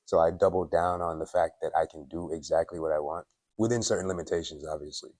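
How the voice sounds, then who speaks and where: A man from Dominica in his late twenties or thirties, talking through a casual motivational monologue for his vlog. He is candid and opinionated, fills his talk with "like", and clears his throat often. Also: low-pitched, steady tone, quick pace, a little mellow, no echo. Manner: candid, opinionated, filler-heavy with frequent "like". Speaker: self-improvement vlogger. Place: at his workplace.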